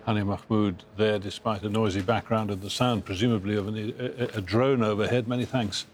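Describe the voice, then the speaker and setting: A man presenting the news from the studio, reading headlines in a measured, clear way. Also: lowish voice, steady tone, slight background noise. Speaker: news anchor.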